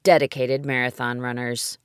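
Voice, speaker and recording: A woman's voice: a bass voice, flat delivery, normal speed, a little hiss or hum. A woman in her fifties, host and producer, giving upbeat, welcoming scripted podcast narration. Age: 50s.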